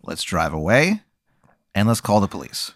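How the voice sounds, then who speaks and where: Halting man in his thirties. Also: sits low, very animated, no room sound, clean studio sound. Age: 30s. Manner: halting, hesitant, repeating words. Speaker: guest answering a hypothetical. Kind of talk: casual improvised chat.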